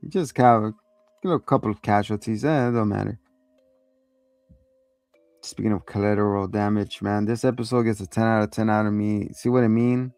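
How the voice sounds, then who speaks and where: A man's voice: fairly low pitch, fairly even intonation, normal speed, pauses often, darkish tone, smooth, dry recording, faint music behind. Casual swearing man recapping an episode. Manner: loose, profane, full of acted quotes. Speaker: host.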